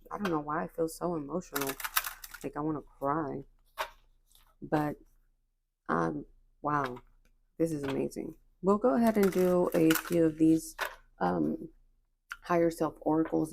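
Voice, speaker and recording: A woman's voice: low-pitched, creaky, darkish tone, slight background noise. A woman giving a spiritual oracle card reading to her viewers, reassuring and encouraging in a casual, slangy way, often repeating phrases.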